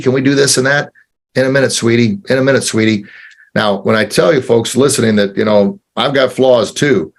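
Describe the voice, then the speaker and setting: Sharing a candid personal story, an entrepreneur guest in his forties grows choked up, his earnest delivery halting and full of repeated words. His voice sits in the mid-range.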